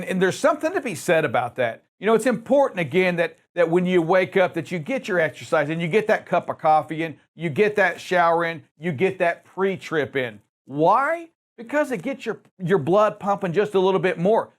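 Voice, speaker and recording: A man with a notably high speaking voice hosts a trucking safety show. He talks emphatically and addresses drivers directly, often stumbling over and repeating words. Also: lively intonation, moderate pace, hardly any pauses. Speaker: show host.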